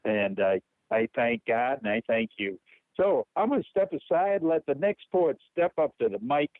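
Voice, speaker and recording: A man from Michigan calling in to read a poem, speaking slowly and deliberately. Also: medium pitch, dry recording. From Michigan, USA. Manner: slow, deliberate delivery. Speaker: caller reading a poem. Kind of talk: slow poetry reading and casual chat. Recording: thin phone-like call line.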